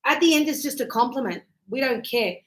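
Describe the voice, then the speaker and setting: Expressive and fairly quick, with a voice that sits high, a woman gives a class an English grammar lesson. She explains patiently using examples and encourages her students, in a recording with echoey classroom sound.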